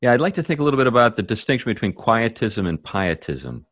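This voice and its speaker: A man hosting a casual discussion, tentatively thinking out loud. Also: medium pitch, big pitch swings, fast talker, dry recording, studio quality.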